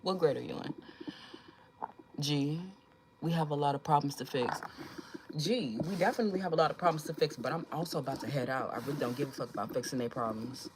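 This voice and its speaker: A woman's voice: low-pitched, fast talker, background noise. A young woman hosting a casual livestream, chatting with viewers in a blunt, profane, joking way and laughing often. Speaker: livestream host.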